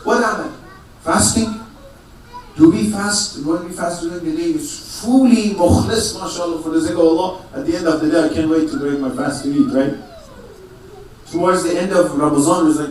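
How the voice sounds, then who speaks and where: A man's voice: on the high side, expressive, normal speed, slight background noise. Man preaching in an echoey hall. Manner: rhetorical questions answered himself, repeats key phrases. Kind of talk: religious sermon to a congregation. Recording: echoey hall, mic far off.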